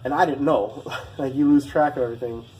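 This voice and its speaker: A former Marine recruit telling a story to camera in a casual, rambling, profane way, full of asides. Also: male voice, medium pitch, fairly even intonation, a little fast, darkish tone, soft background music, low-quality recording.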